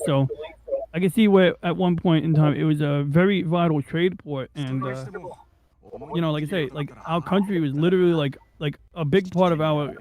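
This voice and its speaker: New guy hosting a chill podcast, rambles off topic, swears a lot, voice sits a bit high. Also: darkish tone, low-quality recording. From New York. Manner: rambling, digressive, swears freely, many fillers. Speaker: podcast host. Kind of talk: casual rambling chat.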